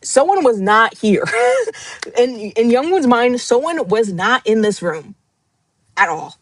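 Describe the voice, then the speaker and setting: A woman's voice: a little high, lively intonation, takes it slowly. A woman hosting a casual live book club stream, getting emotional, laughing and nearly crying as she rereads passages. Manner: emotional, laughing and near tears while rereading. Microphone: glasses-wearing streamer at her screen.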